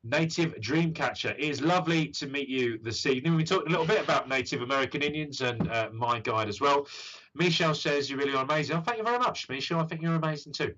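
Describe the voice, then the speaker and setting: A man's voice: a little high, quick pace, a bit bright. A British man in his thirties, a psychic medium hosting a live stream reading, encouraging and rambling with lots of fillers. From United Kingdom. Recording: dull lo-fi stream audio.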